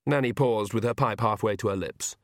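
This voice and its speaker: A man narrating an audiobook in a wry, measured storytelling way. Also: lowish voice, no echo, studio quality.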